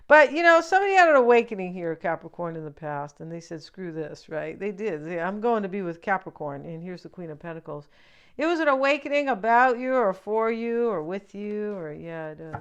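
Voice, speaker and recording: A woman's voice: medium pitch, smooth. A woman giving a casual tarot reading, chatty and joking, with lots of fillers and asides to the viewer. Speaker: tarot reader.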